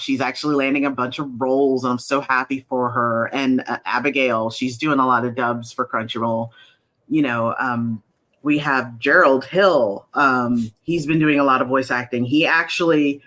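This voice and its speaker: A man who created an indie animated series, chatting casually in an interview with lots of ums and acted-out quotes. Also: mid-range voice, low-quality recording.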